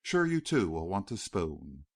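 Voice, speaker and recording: A man's voice: low-pitched, sing-song, measured pace, no room sound, clean studio sound, exaggerated voice. A man reading the lines of a young Western girl with a cool, sweet drawl.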